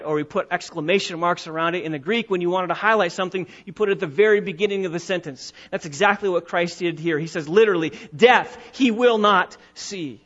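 A man's voice: on the high side, a bit bright, lo-fi sound. A man preaching a sermon as pastor, emphatic, drawing out and stressing his key phrases. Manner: emphatic preaching, slowing and rising on key words.

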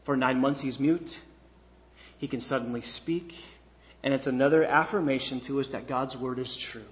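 A man preaching a sermon, reading scripture and explaining it, moving between hushed, slow passages and loud, emphatic ones. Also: mid-range voice, muffled recording. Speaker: pastor.

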